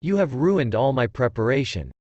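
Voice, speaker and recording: A man's voice: mid-range voice, very animated, normal speed, a little mellow, dry recording, dull audio. A man voicing an angry ancient male stone statue who speaks solemnly.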